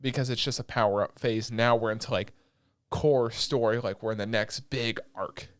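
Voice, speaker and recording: A young man co-hosting a podcast, recapping anime in a rambling, excitable way with lots of filler words and swearing. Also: mid-range voice, moderate pace, no echo, studio quality. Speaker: podcast co-host. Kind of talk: casual chat recapping anime episodes.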